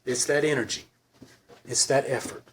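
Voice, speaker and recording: A man speaking to a recovery group in a halting, earnest way, often pausing to search for words. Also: medium pitch, steady tone, a little hiss or hum. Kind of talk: personal recovery talk to a group.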